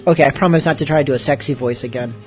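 A man's voice: mid-range voice, rapid-fire, faint music behind. A man hosting a radio show, talking in a joking, playful and cheeky way.

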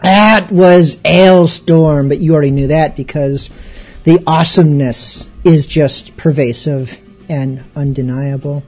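A man's voice: mid-range voice, little pitch movement, normal speed, mellow, husky, soft background music. A male radio show host chatting casually between songs, rambling and wry, often poking fun at himself. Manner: rambling, wry and self-mocking.

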